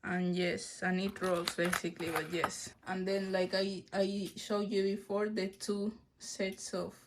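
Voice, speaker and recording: Slow, hesitant woman unboxing on camera. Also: mid-range voice, flat delivery, noisy background. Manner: hesitant, self-correcting, apologetic. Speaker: vlogger. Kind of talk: casual unboxing vlog.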